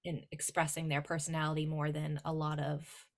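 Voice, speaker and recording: A woman's voice: low voice, normal speed. A woman from New Hampshire, a podcast co-host and medium, telling a story in casual chat and acting out the dialogue with lots of fillers. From New Hampshire, USA. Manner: animated, acts out quoted dialogue, filler-heavy.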